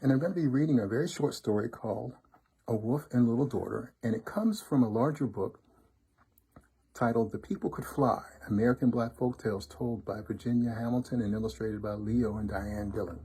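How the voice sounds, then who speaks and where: A man reads a folk tale aloud in an expressive, rhythmic way. His voice is warm and mellow with a slightly husky texture. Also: medium pitch, brisk. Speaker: storybook reader, fraternity member.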